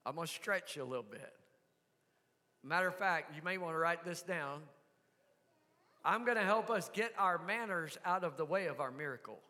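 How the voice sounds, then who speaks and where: A man's voice: on the high side, animated, normal speed, long pauses, sharp tone, in a large hall. An older man with a Southern US accent preaching a sermon, folksy and asking the congregation questions. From American South. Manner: folksy, asks the crowd questions. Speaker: pastor.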